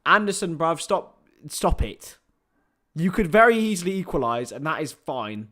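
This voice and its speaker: A lively young man with a slightly high voice calls a football match live, and his pitch swings widely as the action builds. Between attacks he trades teasing banter with his co-host and his chat. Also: normal speed. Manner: playful banter mixed with excited play-by-play. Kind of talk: live football watchalong commentary.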